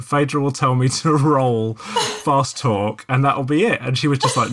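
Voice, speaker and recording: A man's voice: medium pitch, moderate pace, heavy background noise. A man in a casual podcast chat, telling stories playfully and laughing as he talks. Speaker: podcast player.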